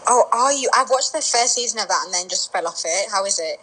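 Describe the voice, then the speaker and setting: A young woman co-hosting a podcast over a phone call, chatty and quick to laugh. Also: mid-range voice, animated, a bit bright, slightly rough. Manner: chatty, laughing, eager interjections. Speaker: podcast co-host. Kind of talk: casual chat.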